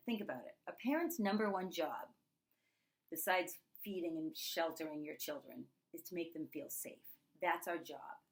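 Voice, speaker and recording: A woman in her thirties, a teacher, telling children a personal story in an expressive way, acting out the people in it. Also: lowish voice. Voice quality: expressive, lively storyteller, voices the characters.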